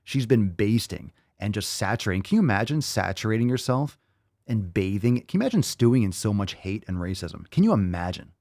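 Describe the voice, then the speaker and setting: Male podcast host, lively swearing rant, dry close mic. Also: lowish voice, fairly quick, dry recording. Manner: profane, incredulous, repeats phrases for emphasis. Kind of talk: casual ranting commentary.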